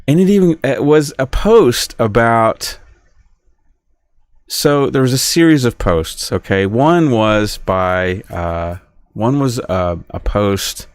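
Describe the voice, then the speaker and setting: Slow-talking aggrieved man. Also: mid-range voice, dry recording. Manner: rambling, self-interrupting, aggrieved. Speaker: podcast host. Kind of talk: casual solo monologue.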